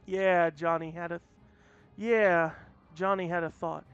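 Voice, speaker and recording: High-voiced man reading a story. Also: fairly even intonation, unhurried, a bit bright, smooth. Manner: plain reading with frequent restarts. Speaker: story reader. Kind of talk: casual read-aloud narration. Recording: dull lo-fi audio, faint music.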